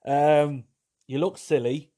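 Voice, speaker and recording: A man's voice: on the high side, steady tone, slow pace, dark tone. A young man, a vlogger, talking to camera in a cheeky, blunt, jokey monologue and laughing often. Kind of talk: casual opinionated monologue.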